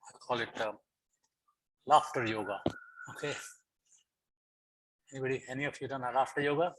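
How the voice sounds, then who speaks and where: A middle-aged man speaking over a video call as a guest speaker, coaxing his audience through a lively online session and often repeating words as he gets going. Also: medium pitch, normal speed, background noise. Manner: animated, coaxing, repeats words when starting. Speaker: guest speaker for teacher training. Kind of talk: online lecture leading laughter exercises.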